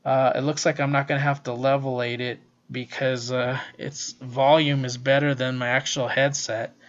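A man's voice: medium pitch, level tone, moderate pace. A man hosting a casual solo podcast, gushing and swearing freely as he reviews comics, recorded on a laptop's built-in mic. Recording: roomy, distant, dull laptop-mic recording.

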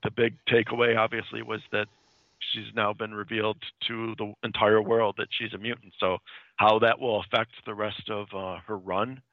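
A man with a lowish voice talks through a comic book storyline in a casual, rambling recap, linking one event to the next. The sound is thin and tinny like a phone line, with no room echo at all. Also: level tone, moderate pace. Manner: rambling, loosely strung retelling. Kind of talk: casual spoken plot recap.

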